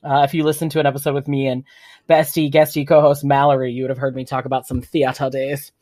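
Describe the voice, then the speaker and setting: A man's voice: medium pitch, level tone, fast, darkish tone, no echo, clean studio sound. A man hosting his own podcast, talking alone in a chatty, campy way and laughing at himself. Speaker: podcast host. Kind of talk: solo podcast monologue.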